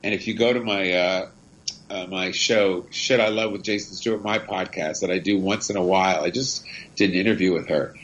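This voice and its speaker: Low-voiced man telling rambling stories. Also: a little fast, rough recording. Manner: chatty, rambling, animated anecdotes. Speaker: guest comedian and actor. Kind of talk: casual interview storytelling.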